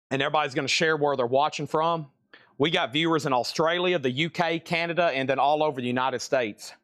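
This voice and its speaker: A man's voice: fairly high pitch, fairly bright tone, no echo, studio quality. A man hosting a live sale stream, rambling and talking to himself as he works, a bit out of breath. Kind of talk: casual live-stream chat.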